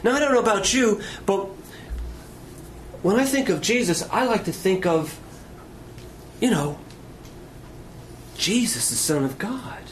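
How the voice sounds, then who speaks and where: High, lively-voiced male preacher. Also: slight background noise. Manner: impassioned preaching with dramatic pauses and dropping to near whisper. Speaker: pastor. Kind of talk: sermon.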